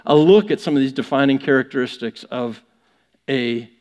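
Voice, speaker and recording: A man preaching a conversational sermon, repeating phrases and acting out quick mocking asides. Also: mid-range voice, darkish tone, big-room sound. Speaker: pastor.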